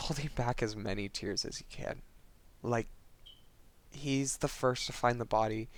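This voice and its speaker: Slow, earnest man retelling a game story. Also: medium pitch, no room sound. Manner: earnest, halting, with restarts and soft trailing words. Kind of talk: emotional retelling of a game plot.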